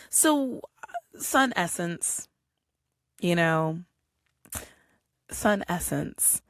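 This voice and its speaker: Gravelly-voiced woman podcast host, chatty. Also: fairly low pitch, drawn-out words, pauses often, dry recording, studio quality. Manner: chatty, animated, acts out quotes. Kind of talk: casual solo podcast storytelling.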